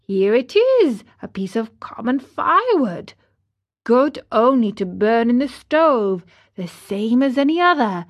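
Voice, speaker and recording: A woman voicing a jittery old carpenter. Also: mid-range voice. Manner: mumbling, stuttering, nervously laughing. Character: old male carpenter, jumpy and easily frightened.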